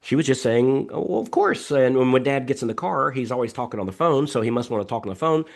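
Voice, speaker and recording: This coaching host, a middle-aged man on a video call microphone, speaks quickly in a mid-range voice. His delivery is emphatic and repetitive, full of animated storytelling.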